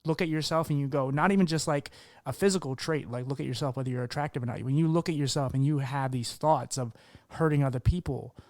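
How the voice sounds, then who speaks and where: A man's voice: medium pitch, quick pace, a little mellow, no echo. A man hosting a podcast interview, talking candidly in a rambling way with many restarts. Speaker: podcast host. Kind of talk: casual conversational interview.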